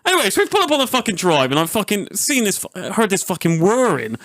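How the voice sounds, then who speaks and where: A man's voice: high voice, fast talker, no room sound. A young man, telling a rowdy, swear-filled story as a podcast host. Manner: sweary, animated anecdote-telling. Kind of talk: casual storytelling chat.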